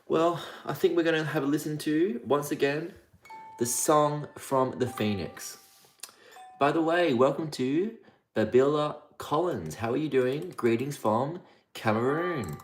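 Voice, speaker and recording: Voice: medium pitch, animated, a little slow. A livestream host chatting casually, greeting viewers by name in a sing-song, rhyming patter. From Australia (Victoria). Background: music playing.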